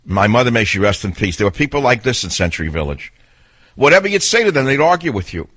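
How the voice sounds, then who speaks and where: A man's voice: mid-range voice, very animated, fast talker, a bit bright, no echo. Blunt, combative older male radio host. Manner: blunt, sarcastic, argumentative, mimics people in voices. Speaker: radio talk show host. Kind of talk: combative call-in radio talk.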